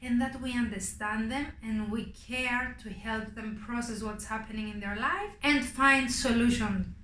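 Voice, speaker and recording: A woman hosting a parenting advice show, speaking gently and acting out example conversations with children. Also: a little high, measured pace, slight background noise. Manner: gentle, acts out example dialogues. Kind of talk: advice talk to camera. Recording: roomy echo.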